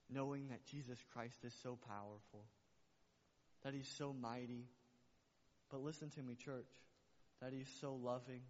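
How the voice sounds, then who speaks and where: In a church sanctuary, a man with a mid-range, slightly mellow voice preaches passionately to his congregation, repeating phrases for emphasis. The recording is muffled and carries a long hall reverb.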